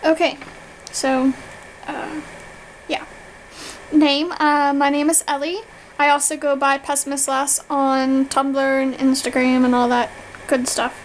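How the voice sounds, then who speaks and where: A woman's voice: sits high, flat delivery, measured pace, long pauses, a little hiss or hum, poor audio. A young American woman from Virginia, chatting casually through an accent challenge video, rambling a little and correcting herself as she goes. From Virginia, USA. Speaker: vlogger.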